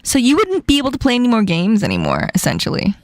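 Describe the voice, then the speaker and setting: Lively laughing woman streamer. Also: a little high, dry recording. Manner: playful, quick to laugh, asks questions. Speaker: streamer host. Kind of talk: casual chat.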